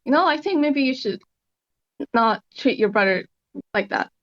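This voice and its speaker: A woman's voice: lively intonation, moderate pace, muffled recording, faint music behind. A woman voicing an annoyed ghost toon who bluntly pushes back, in a tabletop role-play. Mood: annoyed exasperated. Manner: exasperated, rambling, pitch rising.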